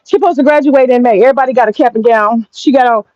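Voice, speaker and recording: A woman's voice: fairly high pitch, very fast, no room sound. A woman streamer giving brash, profane gossip commentary straight to her viewers, often laughing. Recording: dull lo-fi dry sound.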